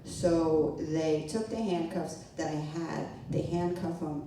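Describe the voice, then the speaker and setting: A woman's voice: sits low, steady tone, slow, mellow, a little hiss or hum. A young woman telling a story from her own life to a live audience, casual and laughing as she goes. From not from New York. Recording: roomy echo, mic from a distance.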